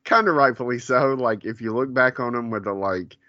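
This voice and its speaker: A man's voice: medium pitch, brisk, no echo, highs cut off. A man hosting a podcast, chatting casually, rambling with lots of fillers and frequent laughs. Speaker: podcast host. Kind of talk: casual chat.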